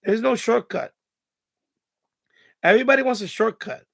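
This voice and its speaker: A man hosting a live stream in casual chat, his voice raspy and hoarse from hours of talking, giving rambling advice full of "you know" and restarts. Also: extremely high pitch, moderate pace, a bit bright, no room sound, studio quality.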